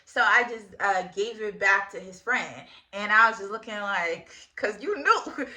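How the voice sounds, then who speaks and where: Woman, 20s, storytime vlogger: slangy and animated, laughs a lot, a bright voice that sits somewhat high. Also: moderate pace, hardly any pauses. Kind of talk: casual storytime.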